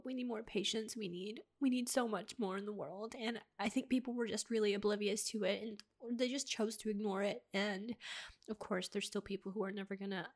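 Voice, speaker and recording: A young woman hosting a personal podcast alone at home, talking in halting, emotional bursts with restarts and sighs. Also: a little high. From United States. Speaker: podcast host.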